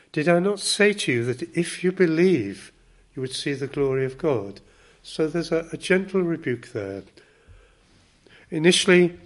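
A man preaching a sermon in a measured, earnest way, with gentle emphasis. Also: a little high.

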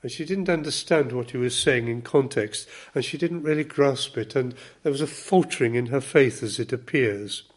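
Male preacher, mid-pitched voice, earnest and measured sermon delivery with gentle emphasis. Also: breathy edge.

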